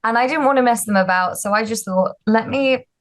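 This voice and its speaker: A woman's voice: a little high, fairly quick. Chatty young woman founder. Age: 20s. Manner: chatty, frequent ums and likes, self-deprecating. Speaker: startup founder, guest. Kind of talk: casual interview storytelling.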